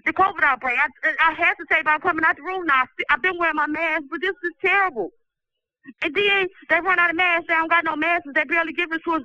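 A man with an extremely high, bright voice speaks over a muffled prison phone line with no room sound. He is sick and coughing, his throat swollen. He pleads for help in halting, distressed bursts. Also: no echo. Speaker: incarcerated person giving a recorded commentary. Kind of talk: recorded phone commentary. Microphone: telephone.

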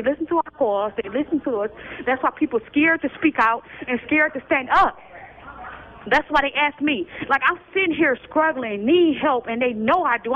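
A woman in prison calling in by phone, giving an urgent, agitated commentary with lots of repetition. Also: sits high. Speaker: incarcerated person calling in. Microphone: prison telephone. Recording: tinny phone line.

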